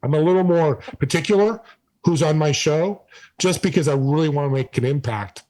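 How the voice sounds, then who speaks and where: Brief: man, energetic and emphatic interview guest, voice sits high. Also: a little fast, low-quality recording. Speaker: podcast host and guest. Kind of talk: casual interview storytelling.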